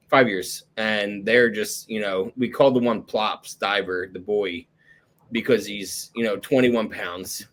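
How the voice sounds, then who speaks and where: A man's voice: fairly low pitch, fairly bright tone. A man hosting a podcast interview, chatting casually and teasing his guest with a laugh. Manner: joking and teasing, chuckling. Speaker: podcast host.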